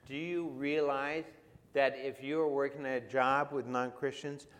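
A man's voice: mid-range voice, flat delivery, measured pace, fairly bright tone, long reverb tail. A man preaching a sermon in a conversational way, often asking his listeners questions. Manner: conversational, asks the audience questions. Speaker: pastor.

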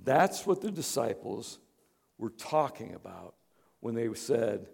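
A man pastor giving a conversational sermon, dropping to hushed asides and rising to emphatic points. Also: medium pitch, big pitch swings, slow pace, vocal fry. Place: church in Chicago.

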